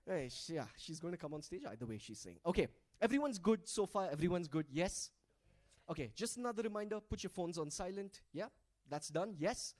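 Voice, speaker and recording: A man's voice: high voice, animated, fairly quick, darkish tone. A man hosting a live event on stage, playfully teasing and coaxing the audience into group activities over a handheld mic. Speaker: event host.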